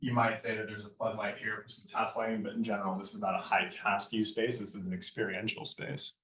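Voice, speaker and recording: A man lecturing to a class in a casual, conversational way, often checking in with a quick "right?". His voice sits a bit low. He sounds set back from the mic in an echoey room. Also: flat delivery, sharp tone, far from the mic. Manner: conversational, keeps asking "right?". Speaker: lighting design instructor.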